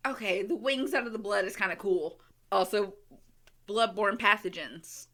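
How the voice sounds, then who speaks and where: A woman hosting a reaction video, excitably talking back to the screen and gushing emotionally in casual commentary. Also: medium pitch, normal speed, over loud music.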